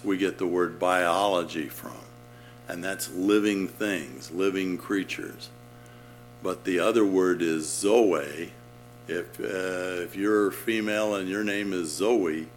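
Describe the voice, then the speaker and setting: A man preaching a sermon, explaining Greek words and pressing his points with emphatic repetition. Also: sits low.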